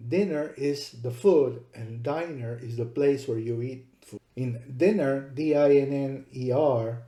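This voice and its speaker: A man's voice: medium pitch, warm tone. A man giving a methodical explanatory lecture, spelling out letters one by one. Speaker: teacher. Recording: echoey room.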